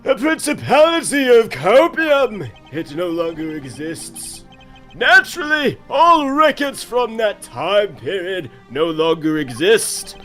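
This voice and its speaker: Improvised game dub: man playing a pompous old ambassador, twisted word order, bright and lively, slow. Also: sits high, faint music behind, heavily acted. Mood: scheming. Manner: inverted, halting old-man phrasing. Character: pompous old male ambassador, ex-army officer.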